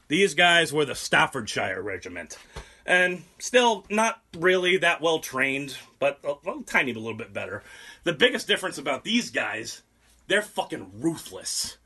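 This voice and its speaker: High bright-voiced young man telling history crudely. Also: gravelly, slightly rough. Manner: profane, animated, mocking. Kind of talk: casual comic history storytelling.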